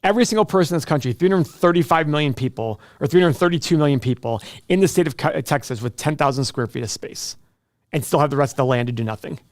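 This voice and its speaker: A middle-aged man chatting casually on a live show, his voice sitting a little high for a man. He jokes and pokes fun at himself between answers. The sound is dry and close. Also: no echo. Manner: joking, self-deprecating, quick asides. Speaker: show host answering viewer questions. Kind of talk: casual livestream chat.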